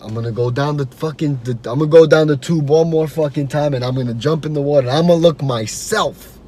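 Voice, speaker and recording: A man's voice: a little high, fairly even intonation, fast talker, mellow. A man hosting a podcast, telling a story in a loose, slangy, profane way. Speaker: podcast host. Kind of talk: casual storytelling.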